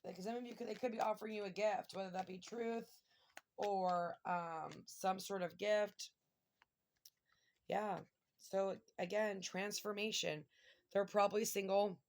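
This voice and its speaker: A woman in middle age talks through a tarot spread in a loose, chatty way. Her voice has a gravelly fry to it. She grows emotional and exclamatory as the cards turn. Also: medium pitch, steady tone, unhurried, a little hiss or hum. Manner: emotional, exclamatory, near tears at times. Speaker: tarot reader. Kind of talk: casual tarot reading monologue.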